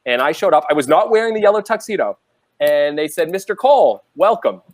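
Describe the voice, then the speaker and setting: A man on a business roundtable telling a lively story, acting out the people he quotes. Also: on the high side, quick pace. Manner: animated, acts out quoted voices. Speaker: panelist, business owner.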